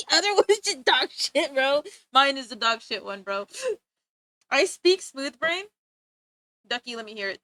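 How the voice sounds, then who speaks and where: A woman's voice: on the high side, pushed and bright, no echo. A woman chatting casually to her viewers while streaming art, bubbly and laughing often. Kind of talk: casual livestream chat.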